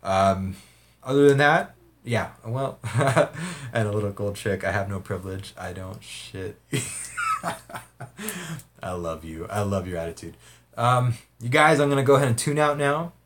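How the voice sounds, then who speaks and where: A man's voice: mid-range voice, lively intonation, unhurried, long pauses, a bit bright, slight background noise. A man hosting a casual livestream, reading viewer comments aloud in a rambling way, often laughing and swearing.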